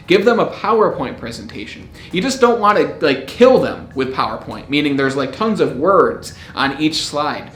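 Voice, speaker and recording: A man coaching public speaking to camera in an upbeat way, with rising inflections, often switching between bright and low smooth tones. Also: a little hiss or hum. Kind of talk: upbeat instructional talk to camera. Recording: echoey room, faint music.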